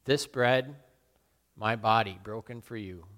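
A man playing the apostle Peter, a burly fisherman full of guilt, in a solemn, halting dramatic monologue. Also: on the low side, a bit bright. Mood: remorseful. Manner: solemn, halting and self-questioning. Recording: long reverb in a large hall.

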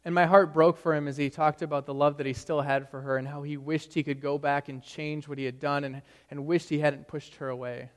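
Young guy preaching, kinda high voice, chatty storyteller, big echoey church hall. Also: flat delivery, brisk, few pauses. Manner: storytelling, conversational with frequent "right?" asides. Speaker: pastor. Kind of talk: sermon.

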